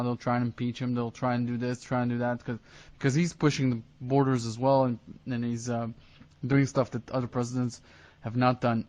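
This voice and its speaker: A man at a medium pitch hosts an interview. He frames his questions slowly, with many fillers and restarts. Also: darkish tone. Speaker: interviewer, host.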